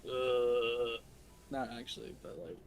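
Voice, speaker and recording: A man in his thirties playing a tabletop game, drowsy and deadpan. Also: mid-range voice, takes it slowly, a little hiss or hum. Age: 30s. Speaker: player. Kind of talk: casual chat in a tabletop game.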